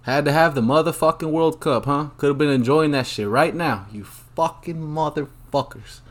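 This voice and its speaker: A man's voice: on the high side, brisk. A man hosting a solo podcast, rambling through a profane, crude rant with lots of ums and asides. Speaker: podcast host.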